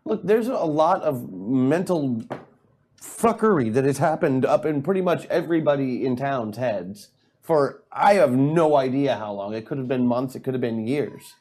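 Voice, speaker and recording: A man's voice: mid-range voice, expressive, normal speed, a little mellow. A man playing in a tabletop game, speaking in a wry, exasperated, questioning way. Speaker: player. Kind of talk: actual-play tabletop role-play.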